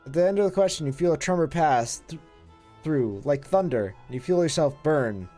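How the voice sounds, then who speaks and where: A streamer reading game text aloud on a live stream, in a low dramatic narrating voice with musing asides. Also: lively intonation, moderate pace, dark tone, soft background music.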